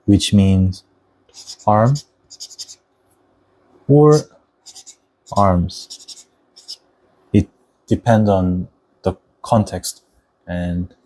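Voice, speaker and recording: A young man, a native Korean speaker, talks through a language lesson at a very slow, deliberate pace. His voice is mellow and fairly low, and he carefully models each word before explaining it. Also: low-quality recording. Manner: patient, deliberate, models Korean words slowly.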